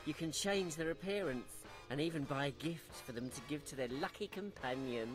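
Measured tutorial narrator for a game, read by a voice actor, music bed under. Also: medium pitch, lightly acted. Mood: calm.

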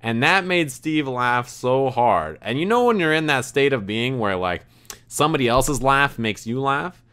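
Smooth-voiced man rambling through a funny story. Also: mid-range voice, expressive, normal speed, a bit bright. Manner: rambling, laughing, heavy use of "like". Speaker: streamer. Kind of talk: casual storytelling.

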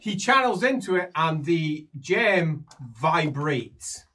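A man's voice: on the high side, lively intonation, slow, bright, forceful tone, slight background noise. A man narrating as game master of an improvised tabletop game, loose and chuckling.

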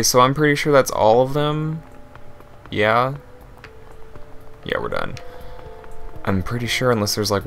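A young man with a low yet slightly bright voice hosts a let's play. He jokes while reading game text aloud and riffs on it in casual gameplay commentary.

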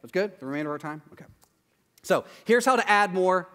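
Chatty pastor, slightly high voice. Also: male voice, lively intonation, fast talker, a bit bright, in a large hall. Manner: conversational, acts out quoted voices, frequent "right?" asides. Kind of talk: sermon.

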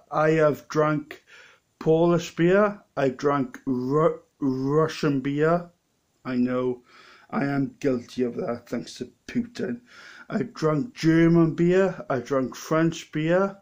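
A tipsy man with a Welsh accent talks to the camera in a casual tasting vlog. His voice sits a little high, and he speaks slowly. He rambles, trips over his words and starts his sentences again. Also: a little mellow. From Wales. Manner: rambling, halting, with many restarts. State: a bit drunk. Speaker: lay preacher vlogger.

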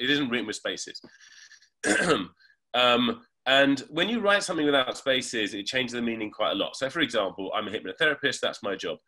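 A man's voice: medium pitch, husky. A man who is a reverend and hypnotherapist, explaining ideas thoughtfully as a guest in an interview over a remote call. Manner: animated, thoughtful explainer with fillers.

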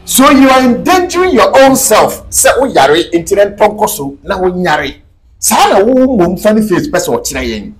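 A man's voice: high-pitched, sing-song, normal speed. A man with a Ghanaian accent, speaking as an interview guest in an emphatic, preachy way and mixing Twi and English. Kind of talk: animated interview talk.

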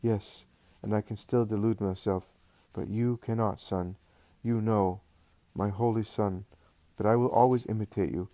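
A loving, grieving mother, read by a man in a devotional storybook reading. She speaks softly and tenderly in a low, dark voice. The recording is dry. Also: steady tone, a little slow, hardly any pauses, no room sound, natural voice. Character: Mary, loving sorrowful mother, woman.

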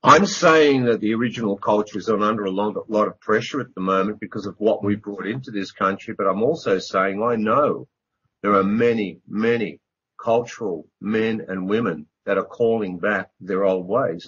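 Heard on a dull, lo-fi radio recording, a middle-aged Australian author gives an interview as a guest. His fairly low voice is a bit bright with a breathy edge, and he talks earnestly and emphatically, doubling up words for stress.

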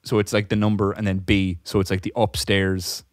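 A young male podcast co-host with a fairly low, fairly flat voice talks fairly quickly in a clean, echo-free studio recording. He rambles through a long story in casual chat, swearing a lot and laughing along the way.

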